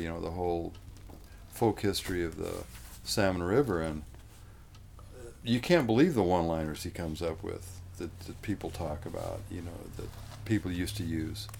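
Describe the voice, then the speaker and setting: A man's voice: sits low, vocal fry, a little mellow, slight background noise. A man in casual conversation, rambling in a folksy way and often saying "man".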